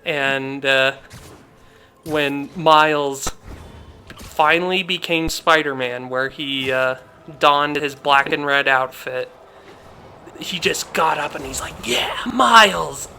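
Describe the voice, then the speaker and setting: A man's voice: on the high side, fairly even intonation, slow pace, pushed and bright, a little hiss or hum. A young man hosting a gaming channel, chatting casually and heartfelt over gameplay, rambling with many fillers.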